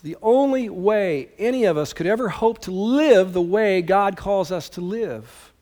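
A man's voice: high-pitched, darkish tone. A man preaching a sermon as pastor, emphatic and with conversational asides.

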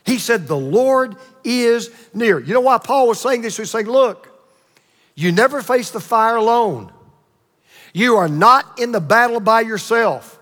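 A male pastor delivers a sermon in a fairly high voice, building emphasis through repeated phrases and drawn-out pauses. His words ring out with a long hall reverb around them. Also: lively intonation, a bit bright. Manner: emphatic preaching with repetition and dramatic pauses.

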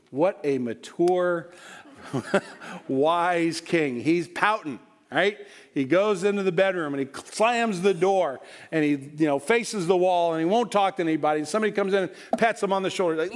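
Man, pastor, sermon, fairly high voice, conversational, joking. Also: moderate pace.

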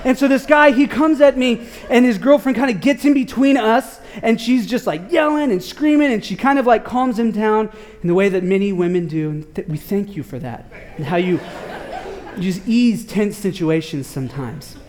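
A man preaching a casual sermon, telling a story in an animated, slangy way with lots of filler words. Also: high voice, moderate pace, a little hiss or hum. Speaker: pastor.

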